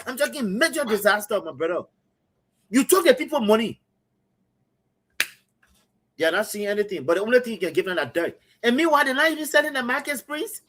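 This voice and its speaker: A man's voice: very high-pitched, big pitch swings, a little fast, pauses often, a bit bright, a little hiss or hum. A man with a Liberian English accent giving impassioned political commentary on a streamed talk show, emphatic and repetitive. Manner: emphatic, repetitive, addresses co-host as brother. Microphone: streaming setup.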